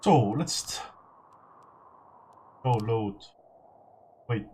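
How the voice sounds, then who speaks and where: A man hosting a let's play, sick and hoarse, talking in a halting, apologetic way. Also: fairly low pitch, expressive, noisy background. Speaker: gaming channel host. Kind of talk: casual let's play commentary.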